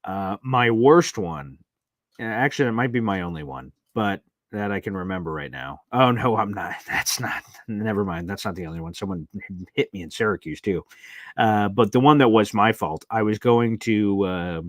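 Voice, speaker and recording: A young adult man hosting a casual live-stream chat, reading viewer comments aloud and rambling into animated stories. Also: fairly low pitch, moderate pace, no room sound, clean studio sound. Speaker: live show host.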